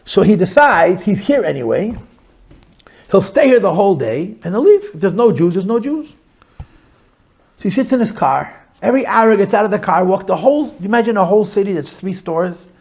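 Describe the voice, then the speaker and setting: Gravelly-voiced rabbi telling a story. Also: male voice, sits high, moderate pace. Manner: animated storyteller, stretches words for emphasis. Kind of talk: storytelling to a small group.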